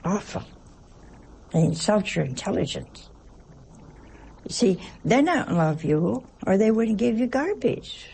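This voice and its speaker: A woman's voice: mid-range voice, gravelly, mellow, breathy edge. An older woman, a nun, giving a conversational sermon, telling anecdotes and asking rhetorical questions. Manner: chatty, asks rhetorical questions, tells anecdotes. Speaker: nun giving a religious talk.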